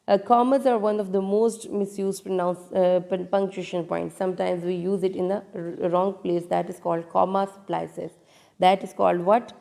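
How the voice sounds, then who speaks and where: A woman's voice: fairly low pitch, flat delivery, creaky, mellow. Woman teaching grammar in a reverberant hall. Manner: halting, with many restarts and repeated questions to students. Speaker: English teacher. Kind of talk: recorded grammar lecture.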